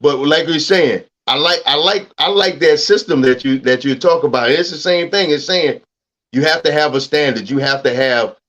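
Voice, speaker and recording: A man's voice: fairly high pitch, moderate pace, fairly bright tone. A man co-hosting a podcast, speaking reflectively in casual discussion and searching for his words. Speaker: podcast co-host. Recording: dull lo-fi sound.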